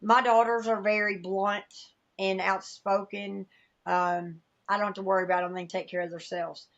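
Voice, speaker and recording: Southern woman guest, candid and emotional storyteller, mid pitch, slightly dull recording. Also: level tone, normal speed, fairly bright tone. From American South. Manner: candid, emotional storytelling, acts out quoted voices. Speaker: podcast guest. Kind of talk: personal testimony in conversation.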